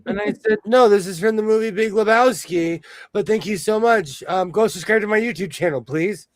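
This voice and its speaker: A man hosting a casual sewing show chat, telling jokey stories in an animated way. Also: high-pitched, normal speed, no echo. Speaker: host.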